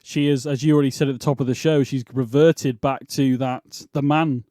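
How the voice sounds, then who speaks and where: A British man hosts a wrestling podcast in a dry, deadpan, laid-back manner. His voice sits at an ordinary middle pitch for a man. The recording is dry and close. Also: fairly quick, no echo. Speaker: podcast host. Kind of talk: casual wrestling chat.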